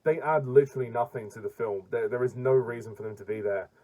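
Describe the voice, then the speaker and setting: A man's voice: mid-range voice, fast talker, mellow, low-quality recording. A man reviewing a film in a casual rant, blunt and exasperated, often stumbling and restarting his sentences.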